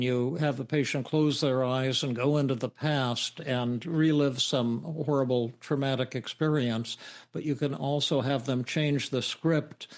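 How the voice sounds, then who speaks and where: A man hosting a webinar, telling a story in a halting way with many stammered repeats and fillers. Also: medium pitch, a little mellow. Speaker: psychiatrist and podcast host.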